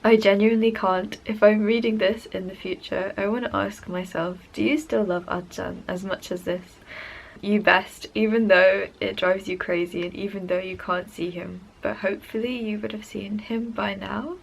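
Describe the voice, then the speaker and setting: A woman's voice: medium pitch, level tone, moderate pace, creaky, rough recording. A young woman talking in a personal diary vlog, gushing and emotional as she rambles about a musician she adores. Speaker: fan vlogger.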